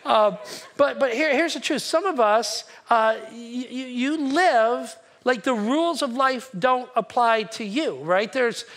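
Preaching from the pulpit of a church sanctuary, a pastor speaks in a high-pitched, fairly bright voice. His tone stays conversational, and he often turns to the congregation with a quick "right?" to make sure they're following.

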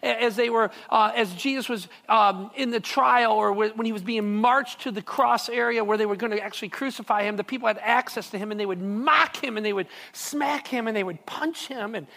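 A pastor preaching a sermon in a relaxed, conversational way, often repeating words and checking in with the listeners. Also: mid-range voice, a little fast, vocal fry, hardly any pauses. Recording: long reverb of a large hall.

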